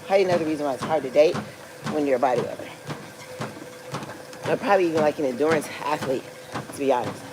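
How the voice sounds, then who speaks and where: A woman's voice: deep voice, quick pace, long pauses, noisy background. A woman in her forties telling a personal story in a casual livestream, rambling with lots of fillers and laughing as she talks. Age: 40s. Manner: rambling, filler-heavy, laughs through talk. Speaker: vlogger.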